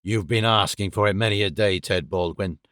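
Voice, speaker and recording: A man voicing a hulking, brutal older lodge boss with a low, gruff voice. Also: moderate pace, a bit bright, no echo, clean studio sound, natural voice.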